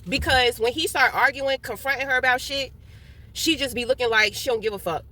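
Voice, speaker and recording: A woman's voice: high voice, brisk, pushed and bright, a little hiss or hum. A young woman talking candidly in a casual monologue. She swears freely, laughs often, and talks while eating. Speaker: vlogger.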